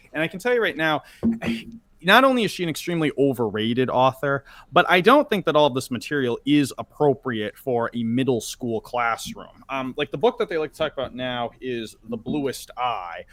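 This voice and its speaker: A man's voice: mid-range voice, lively intonation, moderate pace, fairly bright tone, no echo. A man giving long, opinionated takes in a casual political chat, often restarting his sentences. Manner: opinionated, talks at length with restarts. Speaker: panel guest.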